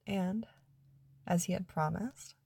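A woman narrating an adult story in a soft, hushed, intimate reading. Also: lowish voice, slow, gravelly, slightly rough, no echo.

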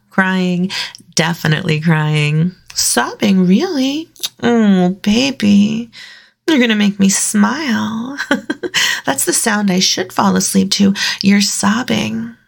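Slow, breathy, gravelly-voiced teasing woman. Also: mid-range voice. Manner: teasing and dominant, soft giggles between phrases. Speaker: audio role-play performer. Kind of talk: intimate teasing role-play, partly whispered.

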